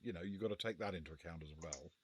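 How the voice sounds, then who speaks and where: A man's voice: low-pitched, rapid-fire, slight background noise. A man co-hosting a casual live gamebook play-through, reading passages aloud and weighing the choices with dry understatement.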